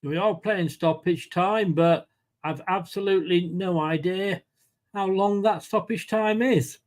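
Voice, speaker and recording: A man's voice: high-pitched, a little slow. A man with an English accent hosting a fan watchalong, calling the play casually and chatting with viewers. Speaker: fan channel host. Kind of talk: live football watchalong commentary.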